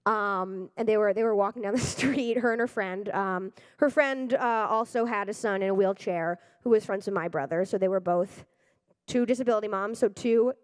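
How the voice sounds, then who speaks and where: A woman doing a stand-up comedy set on stage, animated and swearing, often breaking into loud acted-out voices. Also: medium pitch, normal speed, clean tone, no echo, clean studio sound. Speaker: stand-up comic. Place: stage before a live audience.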